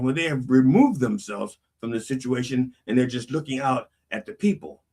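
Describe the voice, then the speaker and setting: A man's voice: mid-range voice, normal speed, husky. A man hosting a show, walking through song lyrics line by line in a preachy style and checking in with "okay?" as he goes. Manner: lively, preachy, peppered with "okay?". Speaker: host.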